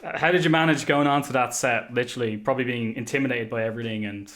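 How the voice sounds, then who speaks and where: A man hosting a podcast, asking an eager, halting follow-up question. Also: mid-range voice, fairly even intonation, fairly bright tone. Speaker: podcast host. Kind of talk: casual interview questions.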